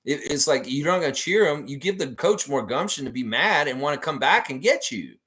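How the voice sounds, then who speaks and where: Here a fan channel host talks a little fast in a fairly high-pitched voice. On his livestream he rants with casual swearing, reads out what viewers write and keeps it animated and direct to them.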